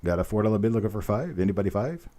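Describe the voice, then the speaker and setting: A man's voice: on the low side, lively intonation, very fast, warm tone. A man hosting a live online coin auction, calling bids over and over and chatting with bidders. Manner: repetitive bid calling, friendly asides to bidders.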